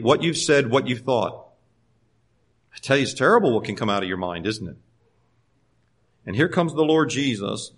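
A man delivers a sermon from the pulpit in a voice sitting a bit above the usual male range. He swings between raised, animated passages and hushed, drawn-out lines. He acts out the quoted voices as he goes. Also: on the high side. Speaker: preacher.

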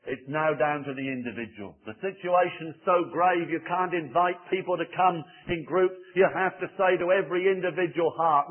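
Man, preacher, fervent pleading sermon, high voice, lo-fi phone-like recording. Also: normal speed, few pauses. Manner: fervent pleading, repeated appeals. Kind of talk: evangelistic sermon. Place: church service.

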